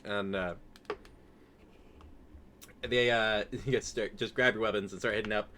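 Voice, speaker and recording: A man narrating as game master for a tabletop game, halting and full of filler words. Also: on the low side, fairly even intonation, pushed and bright, slight background noise. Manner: halting, full of ums and uhs, laughs often.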